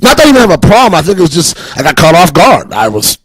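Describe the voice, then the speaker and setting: A man's voice: on the high side, huge pitch swings, quick pace, a bit bright, husky, no room sound, poor audio. A young adult man with a Boston accent doing a rambling stand-up comedy set, laughing at his own jokes and acting out other voices. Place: live stage.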